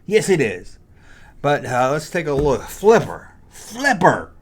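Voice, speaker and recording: A man hosting a jokey rant, with animated delivery and mock-taunting asides. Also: medium pitch, unhurried. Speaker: host. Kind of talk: ranting toy and costume commentary.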